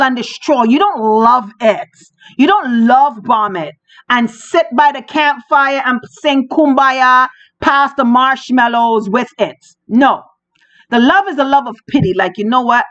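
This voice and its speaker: A woman's voice: high-pitched, fairly bright tone. A woman hosting a podcast, delivering religious commentary in an emphatic, preachy way and repeating phrases for stress. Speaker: podcast host. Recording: dull lo-fi sound.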